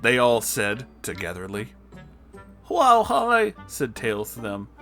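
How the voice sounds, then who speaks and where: A man's voice: lowish voice, normal speed, over music. A man giving a comedic reading of a fan fiction story, breaking off for mocking asides. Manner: mocking asides, frequent laughter.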